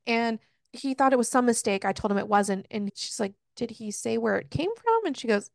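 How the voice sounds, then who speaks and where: Animated woman recapping a book. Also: fairly high pitch, brisk, creaky, no room sound, studio quality. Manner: animated retelling with profanity and laughs. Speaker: podcast co-host. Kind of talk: casual book recap chat.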